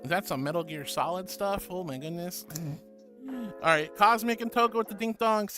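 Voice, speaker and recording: A man with a high, light voice chats with his stream, greeting viewers one by one and calling them honey and sweetie. He is playful and bursts into silly noises. Soft music plays faintly behind him. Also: moderate pace. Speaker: VTuber streamer. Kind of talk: casual chat reading viewer messages.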